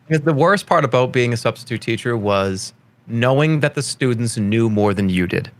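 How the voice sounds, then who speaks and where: A man's voice: expressive, moderate pace. A man in his thirties from Boston with a light Boston accent, a rambling, jokey interview guest. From Boston, Massachusetts. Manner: rambling, jokey, slips into high put-on voices for quotes. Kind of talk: casual interview chat.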